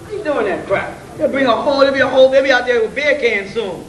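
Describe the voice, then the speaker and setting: A man's voice: very high-pitched, lively intonation, fast, a bit bright. A man giving an informal, slangy lecture to a room of listeners. He jokes, chuckles between points and keeps asking rhetorical questions. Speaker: lecturer addressing an audience. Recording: roomy, distant, faint hiss.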